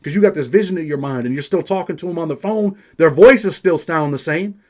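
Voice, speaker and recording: A New York man hosts and spins casual first-person stories in a streetwise, profane way, dropping "man" all through his talk. His voice is on the high side and brisk, with a darkish tone.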